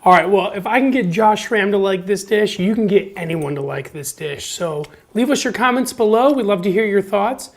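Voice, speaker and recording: An upbeat woman hosts a casual cooking demonstration. She talks the viewer through the recipe step by step in a relaxed, chatty way. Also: medium pitch, moderate pace, hardly any pauses. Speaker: cooking show host.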